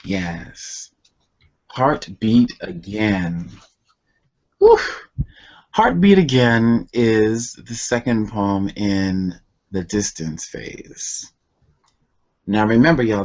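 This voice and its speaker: A man, a poet and author, reading his poems aloud in a slow, deliberate and emotional way, then talking casually about them. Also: fairly low pitch, animated, a little mellow, lo-fi sound. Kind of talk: slow poetry reading and chat.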